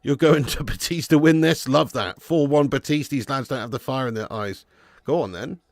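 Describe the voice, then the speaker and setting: A man's voice: medium pitch, moderate pace, no room sound, clean studio sound. A young man hosting a live football watch-along, chatting casually and bantering with viewers. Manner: chatty, banter with viewers, jokey put-on accents.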